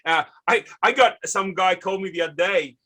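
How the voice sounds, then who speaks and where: Chatty Australian host, bright tone. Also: male voice, sits high, fairly quick. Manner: chatty, rambling anecdotes. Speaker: podcast host. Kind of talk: casual interview chat.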